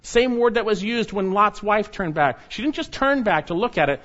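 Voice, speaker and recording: A man's voice: lively intonation, normal speed. Emphatic preacher man, lo-fi sound. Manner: emphatic, swings between loud urging and low hushed warnings. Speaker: pastor. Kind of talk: sermon.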